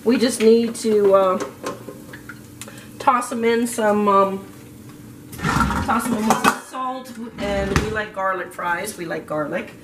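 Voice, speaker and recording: Woman, home cook, casual cooking demo, mid pitch, distant camera mic, echoey kitchen, tap water behind. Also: takes it slowly, pauses often, very noisy. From half Australian. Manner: chatty, explains as she cooks, many fillers.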